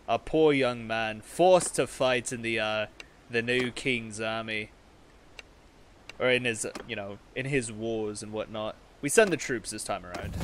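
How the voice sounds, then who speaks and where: A man's voice: medium pitch, a bit bright, a little hiss or hum. A man playing a strategy game as a ranger commander, commenting in character in a put-on accent and calling his troops lads. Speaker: gamer roleplaying a ranger commander.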